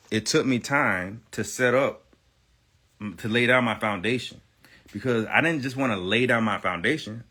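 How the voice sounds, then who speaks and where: A man's voice: medium pitch, sharp tone. A man ranting on a livestream, emphatic, profane and defiant, hammering his points by repeating phrases. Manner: defiant, self-assured. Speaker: livestream guest. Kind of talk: heated livestream rant.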